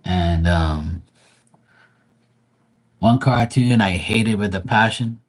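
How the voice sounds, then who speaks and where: A man hosting a live tarot stream, talking casually and bluntly with plenty of swearing, and greeting chat viewers by name. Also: deep voice. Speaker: livestream tarot reader.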